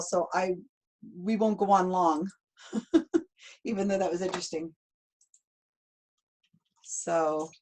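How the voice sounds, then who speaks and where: A woman with a light Southern accent hosts a live video stream. She talks casually and hesitantly, with frequent fillers and easy laughter. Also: medium pitch. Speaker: host. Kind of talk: livestream talk. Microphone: video call.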